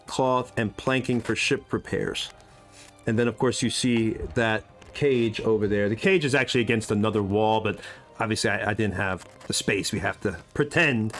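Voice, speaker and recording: A man's voice: medium pitch, a bit bright. A man running a tabletop game as game master, describing scenes in a casual, rambling way over a video call.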